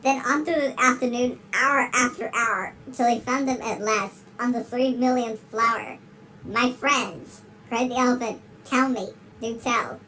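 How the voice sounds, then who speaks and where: A bright, forceful, unhurried voice of medium pitch and fairly even intonation brings a giggly big-lipped alligator to life. The performer gives a dramatic storybook reading in rhyme, often slipping into giggles. Slight background noise marks the low-quality recording.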